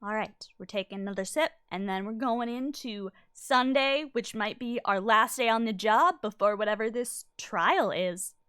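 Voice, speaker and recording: A woman live-streaming a game, chatting casually, greeting viewers by name and thinking her answers through out loud. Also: on the high side, normal speed, hardly any pauses, clear, resonant tone, no room sound, studio quality.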